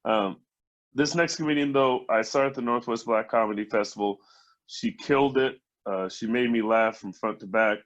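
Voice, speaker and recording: A man's voice: medium pitch, moderate pace. Male host for a comedy showcase; upbeat, hyped intros, muffled stream audio. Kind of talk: hosting and introducing comics.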